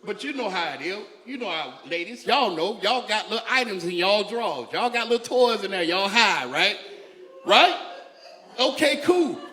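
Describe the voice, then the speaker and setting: Man, stand-up comedian, very high voice, bright and forceful, chatty storytelling, roomy hall echo. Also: lively intonation, normal speed. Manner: loose, conversational storytelling with crowd asides. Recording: echoey hall with long reverb.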